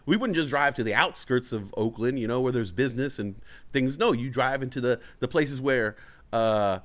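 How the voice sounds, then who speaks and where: In casual chat on his talk show, a man from the California Bay Area rambles through a long, profane story and acts out angry quotes. He's the adult parent of a young child, with a mid-range, fairly bright voice at a moderate pace.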